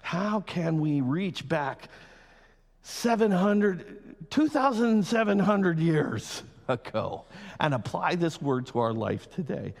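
A male pastor preaching a sermon to a congregation, swinging between loud fervent passages and slow quiet emphasis. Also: fairly high pitch, big pitch swings, gravelly. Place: church hall. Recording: long hall reverb.

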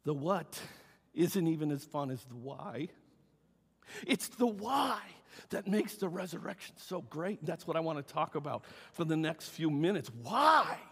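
A male pastor preaching a sermon, emphatic, swinging between loud cries and hushed, soft talk. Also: on the high side, animated, unhurried, gravelly, slightly rough. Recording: long reverb of a large hall.

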